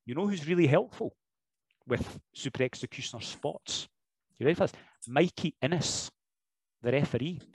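Slightly high-voiced and speaking at normal speed with frequent pauses, this Scottish wrestler chats as a podcast guest. The low-quality recording is slightly rough with no room sound, and he animatedly tells jokey stories full of impressions and laughs.

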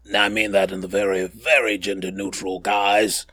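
A man's voice: fairly low pitch, flat delivery, normal speed, fairly bright tone, dry recording. A man hosting a casual podcast, rambling and joking with lots of fillers and self-corrections. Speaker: podcast host.

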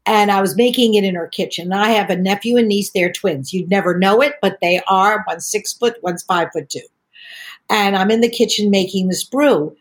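A woman's voice: mid-range voice, moderate pace. An older woman, a tea entrepreneur, chatting as a podcast guest and telling long rambling stories. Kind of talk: podcast conversation.

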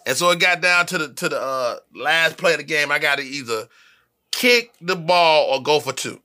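A man's voice: fairly high pitch, normal speed. A male comedian telling stories about his early tour days in a casual podcast conversation. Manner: relaxed anecdote telling. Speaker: comedian, guest. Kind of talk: casual chat.

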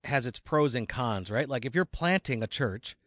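A man's voice: mid-range voice, expressive, normal speed, a bit bright, no room sound, studio quality. A man co-hosting a casual church podcast, teasing his friend and reading a listener email aloud. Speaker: podcast co-host, pastor.

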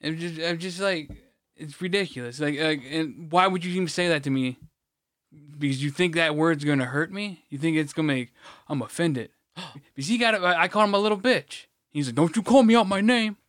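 A man's voice: a little high, brisk, fairly bright tone, dry recording, studio quality. A man co-hosting a podcast, telling stories in a profane, ranting way. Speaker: podcast co-host. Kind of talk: casual chat.

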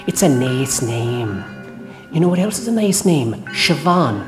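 A woman's voice: a bass voice, big pitch swings, measured pace, exaggerated voice. A woman voicing a small, thin, cloaked man who taunts and threatens casually, in a horror audio drama with a roomy sound and a music score behind. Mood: taunting.

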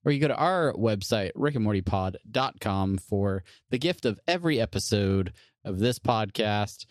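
A man's voice: fairly low pitch, lively intonation, moderate pace, no echo, studio quality. A man co-hosting a podcast, chatting casually with a laid-back, joking manner and many fillers. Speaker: podcast co-host.

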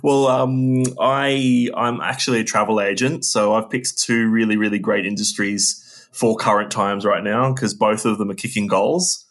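A man's voice: on the low side, fairly even intonation, moderate pace. An Australian man, a guest game designer, chatting casually in an interview with many ums and restarts.

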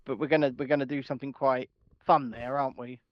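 A man's voice: medium pitch, fairly even intonation, quick pace, dry recording, muffled recording. A man co-hosting a podcast in casual, jokey banter, swearing freely. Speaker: podcast co-host. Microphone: home podcast mic with noise gate.

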